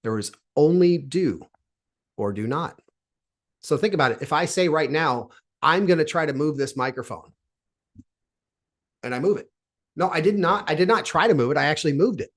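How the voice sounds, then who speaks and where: A man from Seattle delivers an energetic motivational talk at a virtual summit. His voice sits a bit high, and he speaks emphatically, putting questions to the audience. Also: moderate pace, long pauses.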